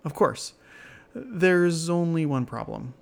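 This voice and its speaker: A man's voice: a little high, lively intonation, slow, creaky, voice pushed up, heavily acted. A man voicing a cocky young runaway boy in a storybook tale, who talks in a breezy, slightly boastful way. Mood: eager.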